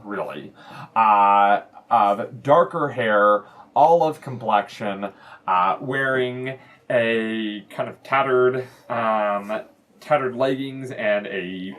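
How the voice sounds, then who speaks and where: A man serving as game master, narrating a tabletop game in a descriptive, halting way. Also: mid-range voice, a bit bright. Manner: descriptive, halting, full of fillers.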